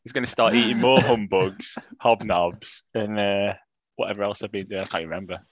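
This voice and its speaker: A man's voice: fairly low pitch, steady tone, brisk, dry recording. A man co-hosting a casual football podcast, chatty and self-mocking. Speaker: podcast co-host.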